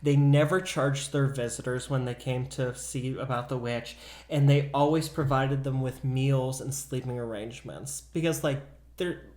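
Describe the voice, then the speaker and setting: An animated man recounting a haunting on a chatty podcast. He slips into the voices of the people in his story. His voice rings in a roomy space, at a middling pitch. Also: normal speed. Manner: animated, acts out voices in quotes. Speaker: podcast co-host. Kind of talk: casual storytelling chat.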